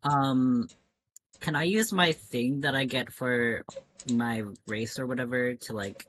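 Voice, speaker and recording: A man playing a tabletop game over a call, hesitant and halting, pausing often. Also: mid-range voice, a bit bright, slight background noise, low-quality recording. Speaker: player. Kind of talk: casual tabletop play.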